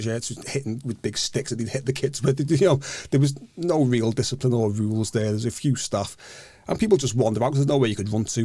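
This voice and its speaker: A man guest on a podcast, telling a personal story in a halting, earnest way, often repeating words before he finds them. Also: mid-range voice, warm tone, no room sound. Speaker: guest, author. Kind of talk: casual storytelling interview. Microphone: podcast microphone.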